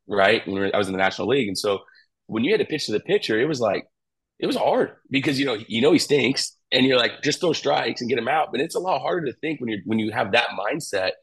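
A middle-aged man, a college pitching coach, talking casually in an interview and rambling with lots of fillers and restarts. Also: breathy edge, low-quality recording.

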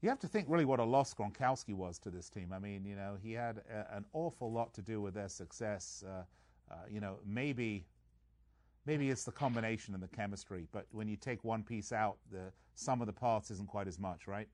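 A man's voice: lowish voice, moderate pace, darkish tone, no echo. A man hosting a sports betting show, chatting casually with wisecracking jokes and playful sales patter. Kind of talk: casual podcast chat.

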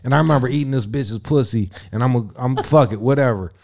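A man's voice: mid-range voice, fast, a little mellow. Young man, crude boastful storyteller, casual chat. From Italian heritage.

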